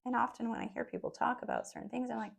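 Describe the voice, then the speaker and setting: A woman's voice: fairly high pitch, fairly even intonation, rapid-fire, gravelly. A woman co-hosting a podcast with her husband, speaking frankly and matter-of-factly with emphatic rhetorical questions. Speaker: podcast co-host. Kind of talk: casual chat with her husband.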